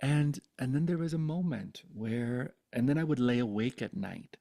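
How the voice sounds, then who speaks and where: A man in his thirties shares his personal story in an open, heartfelt way. His voice has a gravelly, fry-tinged texture. He talks with animated feeling, swears freely and keeps restarting his sentences. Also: mid-range voice, normal speed. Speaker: guest sharing his life story.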